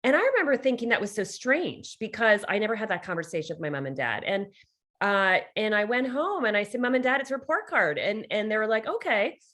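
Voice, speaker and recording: Canadian woman, middle-aged, podcast guest, animated storytelling. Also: mid-range voice, fairly quick. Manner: animated storytelling with quoted voices. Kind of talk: podcast interview.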